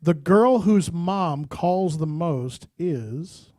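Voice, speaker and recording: A male radio host running a party game in a casual interview. He is encouraging and reads the prompts out slowly. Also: fairly high pitch, lively intonation, mellow, dry recording, clean studio sound.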